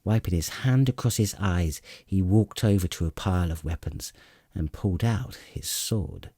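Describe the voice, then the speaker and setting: A man narrating a fantasy novel as an audiobook reader, in a measured, expressive way. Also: deep voice, no room sound, clean studio sound.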